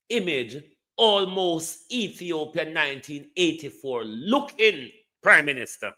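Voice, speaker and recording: Slow, bright Jamaican man ranting. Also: a little high. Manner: mocking, indignant, repeats phrases for emphasis. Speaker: commentator. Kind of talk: political commentary.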